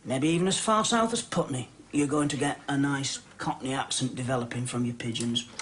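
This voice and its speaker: A man explaining in a deadpan, matter-of-fact way in a filmed clip. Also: medium pitch, fairly quick, slight background noise. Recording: studio audience laughter over clip.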